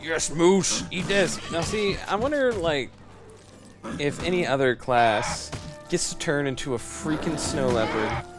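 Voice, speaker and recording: A man giving casual let's play commentary, excitable and joking, swearing and laughing at the game. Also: on the high side, a little slow. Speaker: gamer. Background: game music.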